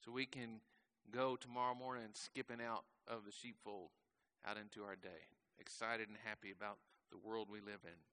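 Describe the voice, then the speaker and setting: A pastor preaching a sermon in a conversational way, often asking his listeners questions and letting his voice slow and soften at the ends of phrases. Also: lowish voice, fairly even intonation. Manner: conversational, asks the congregation questions; slows and drops softly at the ends of phrases.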